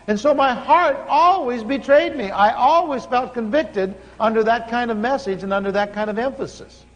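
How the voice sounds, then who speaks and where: High-voiced male preacher in a reverberant hall. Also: normal speed. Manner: storytelling, animated, acts out dialogue with God. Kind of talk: sermon.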